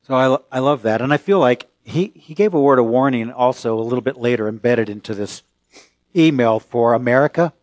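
A man preaching a sermon as pastor, earnest and emphatic, pausing mid-phrase. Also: mid-range voice, dry recording.

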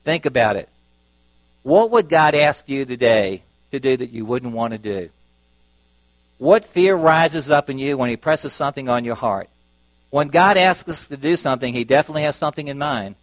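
A man's voice: medium pitch, normal speed, no echo, rough recording. Man preaching a storytelling sermon. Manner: storytelling, acting out voices with lively shifts.

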